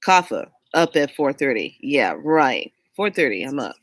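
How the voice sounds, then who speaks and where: A woman telling a personal story in a casual, animated way, often laughing and acting out what people said. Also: very deep voice, measured pace, no echo, rough recording. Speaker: vlogger.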